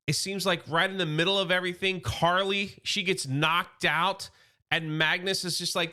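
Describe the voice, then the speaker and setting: A man's voice: high-pitched, a little slow, pushed and bright. A man doing a casual, enthusiastic comic book recap, loosely acting out the characters' quotes.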